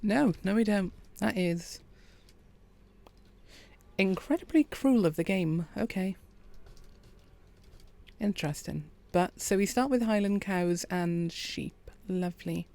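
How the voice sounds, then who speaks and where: Calm woman streaming a game, soft and easygoing, a touch of vocal fry. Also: mid-range voice, slow pace, long pauses. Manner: quiet, relaxed, chats with viewers. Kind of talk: calm gameplay commentary.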